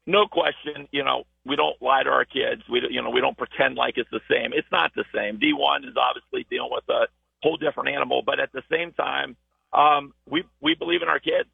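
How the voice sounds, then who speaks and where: A hoarse man, a basketball coach, talking earnestly in a radio interview over the phone. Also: on the high side, no room sound. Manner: earnest, repeats himself while starting sentences. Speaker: high school basketball coach. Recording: tinny phone line.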